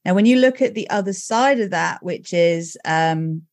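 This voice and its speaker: A woman's voice: lowish voice, moderate pace, no room sound, clean studio sound. A middle-aged woman hosting a podcast, talking candidly, often adding "right?" and "you know" as she tells stories. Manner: animated storytelling with many "right?" and "you know". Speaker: podcast host. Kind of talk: candid casual conversation.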